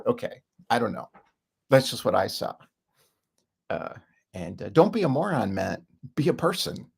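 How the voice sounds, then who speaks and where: A middle-aged man talks through his thoughts in a loose, rambling way and chuckles often between remarks. His voice is gravelly, with a husky edge. He sits at an ordinary middle pitch. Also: sing-song, moderate pace. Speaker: self-help speaker. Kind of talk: casual rambling talk.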